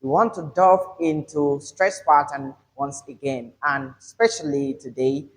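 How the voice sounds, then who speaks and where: A man's voice: a little high, poor audio. A man teaching an English lesson on word stress, stretching out example words with emphasis. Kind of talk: classroom-style video lesson.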